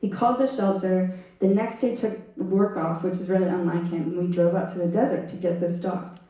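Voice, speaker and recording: A woman giving a storytelling talk at a Sunday service, animated and laughing as she acts out what people said. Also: fairly low pitch, fairly quick, dull audio. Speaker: guest speaker. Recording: echoey hall, voice from far off.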